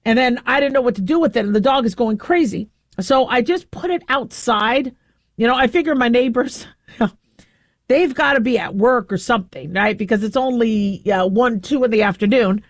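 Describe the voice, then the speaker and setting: A middle-aged woman hosting a show tells a long, rambling story, casual and animated, and often stops to correct herself. Her voice is a little high, her pace moderate, and there is no echo.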